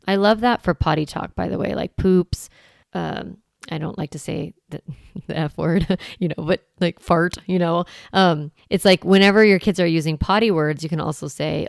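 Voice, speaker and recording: Parenting coach woman with a gravelly voice. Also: mid-range voice, moderate pace, no echo, studio quality. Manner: shifts into a firm, strong voice when acting out what to tell kids. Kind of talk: solo talk to camera.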